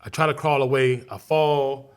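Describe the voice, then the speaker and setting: A man's voice: medium pitch, fairly even intonation, normal speed, clean tone. A man from Chicago, a guest comedian, telling a story in a casual interview, acting out scenes and voices vividly.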